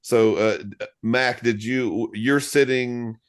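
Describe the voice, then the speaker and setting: A man's voice: mid-range voice, steady tone, slow, clear, resonant tone. A man asking questions in a casual interview chat, curious and easygoing. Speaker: podcast guest interviewer.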